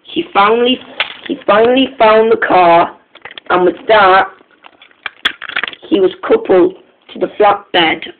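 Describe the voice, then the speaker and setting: A man narrating a storybook tale, speaking haltingly and often restarting his sentences, on a tinny, phone-like recording. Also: sits high, noisy background.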